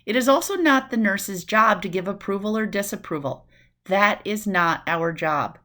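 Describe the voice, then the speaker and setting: A woman from New City, giving a recorded nursing lecture in a lively way, acting out quick voices and asides. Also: mid-range voice. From New York City. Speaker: nursing instructor.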